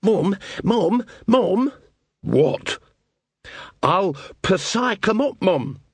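A man's voice: high voice, very animated, very slow, husky, no room sound, pitched above the performer's own voice, exaggerated voice. A man voicing an anxious young male guard, near tears and pleading with his mother. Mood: eager. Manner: pleading, breathless, repeats "Mum".

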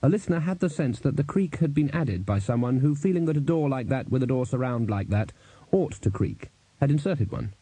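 Male audiobook narrator. Husky, mellow voice, wry, measured delivery, dry close-mic sound. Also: medium pitch, animated, no echo. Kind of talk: scripted narration.

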